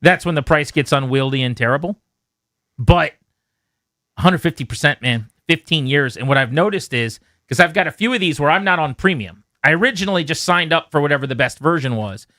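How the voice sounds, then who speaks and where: A man's voice: on the high side, fairly quick, dry recording, clean studio sound. A man co-hosting a radio show, ranting sarcastically and joking in casual chat. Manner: animated rant, sarcastic, joking. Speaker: radio co-host. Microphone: studio microphone.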